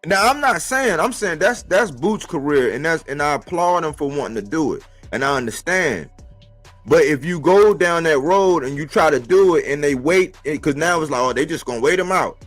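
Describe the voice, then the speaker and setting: A man giving a casual, slangy boxing commentary monologue for a live stream, animated and rhetorical, repeating his points. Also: a little high, moderate pace, soft background music. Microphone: live-stream mic.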